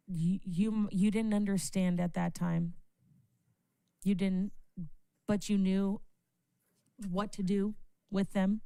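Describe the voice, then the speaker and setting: A woman's voice: mid-range voice, dry recording. A woman giving an impassioned, profane livestream speech, repeating phrases for emphasis. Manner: profane, rising from earnest praise to yelling. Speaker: livestream panelist.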